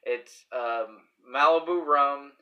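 A man co-hosting a podcast, chatting casually over beers, rambling and halting, often laughing. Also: medium pitch, lo-fi sound. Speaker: podcast co-host.

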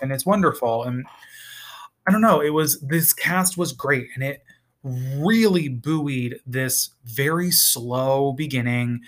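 A man's voice: medium pitch, a bit bright. Male vlogger, casual and profane, exasperated rambling delivery. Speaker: TV reviewer. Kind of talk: casual review vlog.

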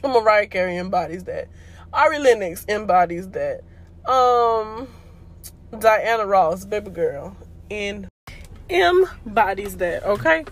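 A woman's voice: mid-range voice, lively intonation, slow. Young woman, podcast host, casual slangy chat, laughs a lot. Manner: chatty, slangy, laughs often.

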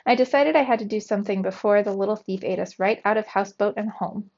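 A woman teacher reading a storybook aloud to young students, with expressive, animated delivery. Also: mid-range voice, a little fast, hardly any pauses, highs cut off.

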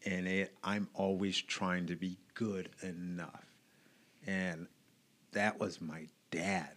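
A man's voice: sits low, level tone, slow, fairly bright tone. A man in his late thirties, an evangelist and motivational speaker, talking openly and reflectively as a podcast guest and laughing often. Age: late 30s. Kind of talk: casual chat.

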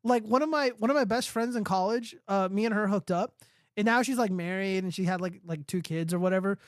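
A man's voice: high voice, fairly quick, no echo, clean studio sound. Profane rambling male livestream host. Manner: profane, rambling, reading and answering chat. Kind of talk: casual livestream rant.

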